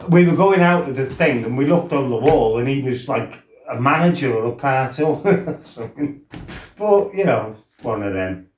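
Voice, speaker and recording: A man's voice: mid-range voice, moderate pace, a little hiss or hum. A middle-aged man telling stories from his fighting past, swearing freely and acting out his own outbursts. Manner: swearing, animated, acts out his own shouting. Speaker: former fighter telling his life story. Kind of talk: casual storytelling. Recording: roomy, from a distance.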